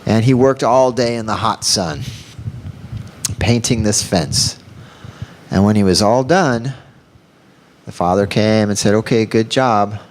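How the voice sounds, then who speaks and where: Lowish-voiced guy telling a story at a workshop, acts out all the lines, faint hum behind. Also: takes it slowly, pauses often. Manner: animated storyteller who acts out the dialogue. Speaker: workshop presenter. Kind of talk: storytelling in a training talk.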